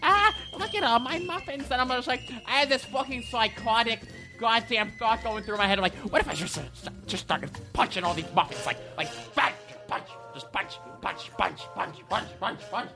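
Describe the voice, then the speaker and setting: A woman's voice: a little high, a little fast, music in the background, natural voice. A woman voicing a foul-mouthed, hotheaded man who rants nonstop and laughs like a maniac. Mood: ranting. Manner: constant swearing, ranting, manic laughter. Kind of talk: comedy character monologue.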